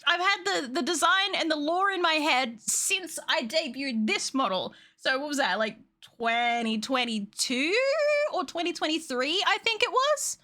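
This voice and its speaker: A woman's voice: high-pitched, lively intonation, measured pace, bright, forceful tone. A woman streaming a video game, chatting casually with viewers, swearing freely and laughing often. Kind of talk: casual gameplay stream chat.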